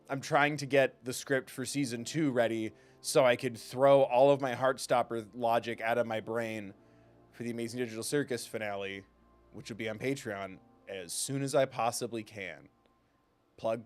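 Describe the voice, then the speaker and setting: A man's voice: medium pitch, smooth. A man streaming a video game live, chatting with his viewers in a playful, self-mocking way and laughing often. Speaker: gaming streamer. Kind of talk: casual live-stream commentary.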